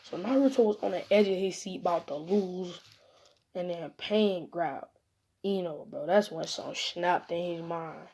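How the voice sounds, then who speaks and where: A woman's voice: on the low side, normal speed, gravelly, darkish tone, husky. A woman casually telling an improvised fan story, rambling and correcting herself as she goes. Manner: rambling, self-correcting, slangy.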